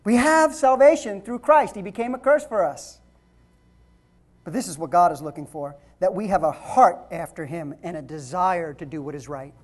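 A woman pastor giving a conversational sermon, asking the congregation questions and building to shouted emphasis. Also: on the low side, animated, moderate pace. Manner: conversational preaching with rhetorical questions, rising to shouts.

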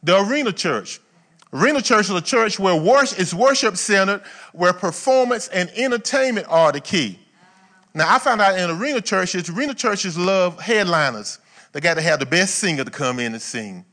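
A male pastor preaches in an easy, down-home manner, tossing rhetorical questions to his congregation. His voice sits a little high for a man, dropping to quiet asides and then rising into loud, emphatic bursts. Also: lively intonation, normal speed. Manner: folksy, colloquial phrasing. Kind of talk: sermon.

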